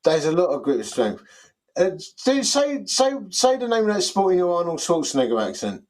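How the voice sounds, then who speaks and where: A man's voice: high-pitched, big pitch swings, normal speed, a little mellow, rough recording. A man co-hosting a chat show, jokey and chatty. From East London. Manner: jokey, chatty, laughs easily. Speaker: co-host. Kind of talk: casual chat show banter.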